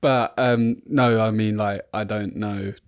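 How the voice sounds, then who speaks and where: A man's voice: lowish voice, steady tone, slow, slight background noise. A man from England co-hosting a football podcast, chatting casually and rambling with frequent laughs, recorded in his front room. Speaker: podcast co-host.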